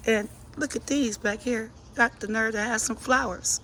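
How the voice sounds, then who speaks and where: A woman's voice: mid-range voice, unhurried, few pauses, a little hiss or hum. A middle-aged woman, chatting sassily to her plants and viewers while she walks through her outdoor garden on a phone camera. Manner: chatty, sassy, talks to herself and her plants. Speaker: gardening vlogger. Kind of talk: casual garden tour chat.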